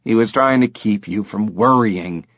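A man's voice: on the low side, measured pace, a bit bright, no room sound, clean studio sound. A man reading an audiobook, voicing a worried adult son who speaks earnestly and firmly to his mother. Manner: earnest, pleading.

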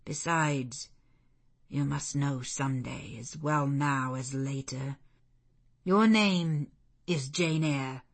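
A woman voicing a grave, reserved male clergyman who speaks in a measured, evasive way. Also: extremely low pitch, voice pushed down, heavily acted. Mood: stern.

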